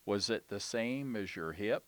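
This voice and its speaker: Deep voiced guy interviewing a patient, lots of mm-hmms, encouraging. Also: expressive, a little slow, a bit bright. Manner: encouraging, with frequent backchannels. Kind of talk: casual interview.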